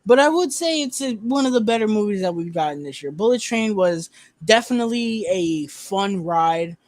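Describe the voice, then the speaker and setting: A man's voice: high-pitched, animated, normal speed, dry recording. A young man hosting a casual movie review chat, talking loosely with fillers and swearing.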